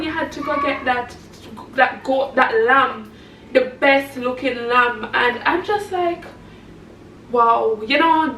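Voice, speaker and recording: A chatty woman with a high voice talks casually to her viewers, rambling and laughing often. She sits a little back from the mic in a roomy, echoey space, with faint noise behind her. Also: a bit bright. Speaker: vlogger and mother. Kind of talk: casual chat to camera. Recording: echoey, from a distance.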